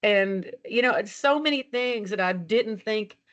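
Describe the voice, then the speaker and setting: A Texas country singer with a mid-range, fairly bright voice takes her time as she tells stories in a casual interview. She's on a laptop video call, wandering around her house, chatting, laughing, swearing, and acting out conversations.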